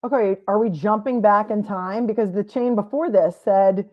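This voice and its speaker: A woman's voice: medium pitch, moderate pace, few pauses, lo-fi sound. A woman streaming live commentary on a court trial, with sarcastic, skeptical asides.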